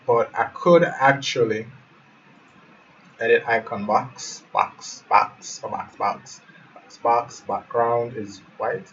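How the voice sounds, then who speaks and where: A man talks viewers through a live website build, thinking aloud and calling them guys as he clicks through settings. He sits a little way back from the mic, so he sounds distant. The sound is dull, with a faint hiss underneath. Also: mid-range voice. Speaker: web design tutor. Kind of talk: live screen-share tutorial.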